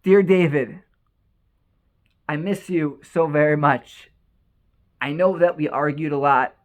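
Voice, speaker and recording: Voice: mid-range voice, fairly even intonation, slow pace, voice pushed down, close to an everyday voice. A storyteller reading aloud a sick father's loving note to his son. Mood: tender. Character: dying father writing a tender note. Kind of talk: read-out letter in a story.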